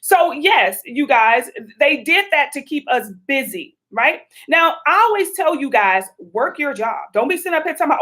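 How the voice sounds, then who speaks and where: A middle-aged woman giving spiritual advice in a chatty, animated livestream talk, calling her viewers y'all. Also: sits high, moderate pace, hardly any pauses. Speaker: spiritual vlogger.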